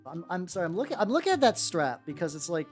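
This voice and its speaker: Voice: mid-range voice, very animated, fast talker. A miniature painting streamer chatting casually on a live stream, rambling with many fillers and self-restarts. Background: faint background music.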